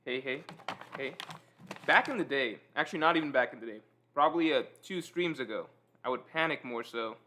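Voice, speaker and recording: A man's voice: medium pitch, brisk, a little hiss or hum. A man hosting a livestream, chatting casually and self-deprecatingly with his viewers while eating. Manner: relaxed, self-deprecating, reads out chat comments. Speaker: livestream host. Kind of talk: casual chat with live viewers.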